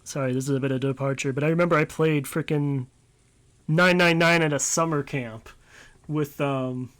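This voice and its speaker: Guy streaming a visual novel, reading lines and rambling, casual swearing, kinda high voice. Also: steady tone, normal speed, a bit bright. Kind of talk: let's-play commentary and reading aloud.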